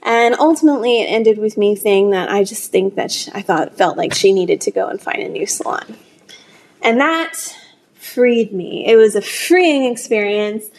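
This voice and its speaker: A woman who owns a small salon tells a personal story in a candid, conversational way with halting restarts. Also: mid-range voice, lively intonation, a little mellow, slight background noise. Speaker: small business owner, salon owner. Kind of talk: storytelling talk.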